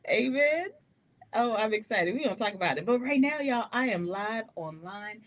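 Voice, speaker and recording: A woman hosting a live gospel radio show, talking to listeners in an animated, candid way and laughing often. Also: a little high, unhurried. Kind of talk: live-streamed radio talk, testimony.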